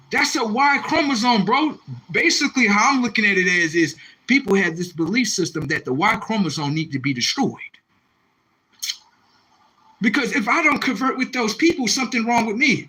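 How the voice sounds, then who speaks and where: A young man on a live stream, reacting to viewer comments in a confrontational, repetitive rant with loud outbursts. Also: extremely high pitch, lively intonation, normal speed, slightly rough, rough recording. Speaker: livestreamer.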